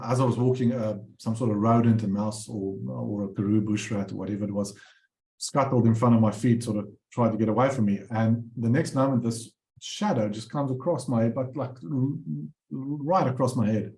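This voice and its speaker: A man's voice: mid-range voice, fairly even intonation, normal speed, warm tone, echoey room. A man presenting his bird paintings, telling rambling anecdotes with many fillers and restarts. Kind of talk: casual storytelling talk.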